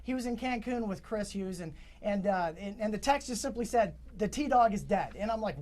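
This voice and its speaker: Male interview guest, high-ish voice, rambling storyteller with frequent restarts. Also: lively intonation, moderate pace, few pauses, darkish tone. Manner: rambling, full of restarts and fillers. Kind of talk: recounting events in an interview.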